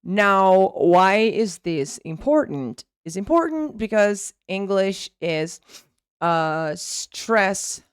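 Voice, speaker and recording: Brazilian woman teaching English slowly. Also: medium pitch, sing-song, clean tone, dry recording, clean studio sound. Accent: Brazilian Portuguese. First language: Portuguese. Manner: explanatory, repeats words for pronunciation drills. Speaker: English teacher and channel host. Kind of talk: English lesson from news.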